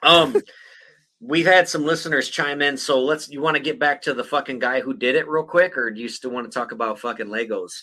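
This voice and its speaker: Bright-voiced man rambling with constant swearing. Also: medium pitch, a little fast, low-quality recording. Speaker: podcast host. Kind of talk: casual profane chat.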